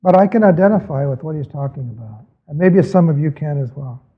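Man, pastor, sermon, earnest measured delivery, rhetorical questions, somewhat high voice, phone-like audio. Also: expressive, slightly rough. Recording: tinny phone-like recording.

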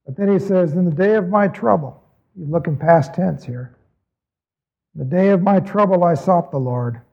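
Husky-voiced pastor preaching, tinny sound. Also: male voice, sits high. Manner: earnest, measured reading with rhetorical questions. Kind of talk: sermon. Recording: tinny phone-like recording.

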